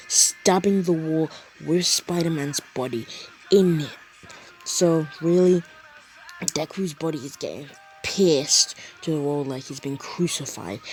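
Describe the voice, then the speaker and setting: A man's voice: on the high side, rough recording. Rambling young man retelling a fan story. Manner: rambling, full of fillers and asides.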